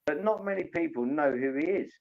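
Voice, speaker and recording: A man's voice: on the high side, lively intonation, a little fast, vocal fry, a little mellow, dull audio. A man from England, telling rambling, enthusiastic stories in casual chat.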